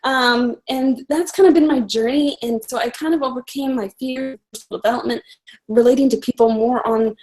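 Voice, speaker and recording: Earnest young woman, slightly high voice. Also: a little mellow, poor audio. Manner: earnest, heartfelt, talks fast with restarts. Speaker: coach sharing her story. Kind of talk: casual testimonial on a live group call.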